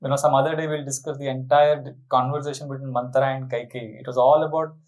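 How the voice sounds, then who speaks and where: A man giving a storytelling sermon on a tour talk, animated and often putting questions to his listeners. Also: mid-range voice, fast, low-quality recording. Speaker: spiritual speaker.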